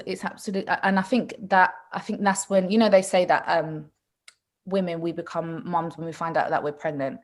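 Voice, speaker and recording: A woman speaks in a casual interview, her voice sitting a little low. She tells personal stories in a loose, chatty way and laughs often. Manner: chatty storytelling with frequent laughs. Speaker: interview guest.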